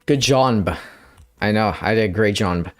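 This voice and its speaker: A man's voice: fairly low pitch, a little slow, soft background music. Young guy rambling jokey game commentary, gets hyped sometimes. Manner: rambling, playful, bursts of excitement. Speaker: gamer. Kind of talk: joking gameplay commentary.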